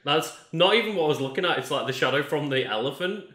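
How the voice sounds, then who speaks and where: A man hosting a let's play, chatting in a relaxed, agreeable way and laughing often. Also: a little high, quick pace. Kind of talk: casual gaming chat. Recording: roomy echo.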